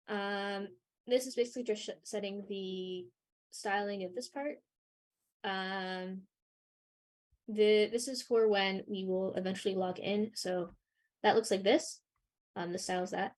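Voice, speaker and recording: Young woman doing a coding workshop, lots of um and sort of, voice a bit worn out. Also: mid-range voice. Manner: hesitant, many ums and sort ofs. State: losing her voice a bit. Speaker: workshop instructor. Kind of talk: live coding tutorial.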